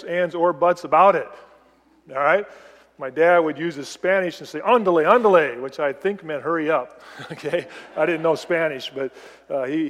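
A man preaching with a fairly high voice, animated and quizzing his listeners as he goes. His sermon rings with the long echo of a church hall. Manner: animated preaching, asks the congregation questions. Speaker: pastor.

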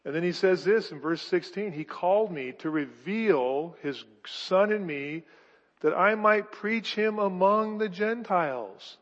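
A man preaching a sermon with emphatic bursts and rhetorical questions, his voice going hoarse. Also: sits high, lively intonation, measured pace. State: losing his voice. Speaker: pastor. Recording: dull sound with long hall reverb.

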